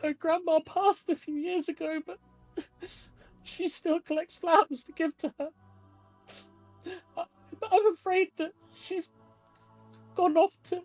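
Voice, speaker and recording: Gm doing a crying young mom, voice way up high, shaky and pleading, fantasy game. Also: female voice, steady tone, a little slow, long pauses, darkish tone, faint music behind. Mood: sobbing, pleading. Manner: tearful, pleading, voice breaking. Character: sobbing distraught young mother, high and shaky.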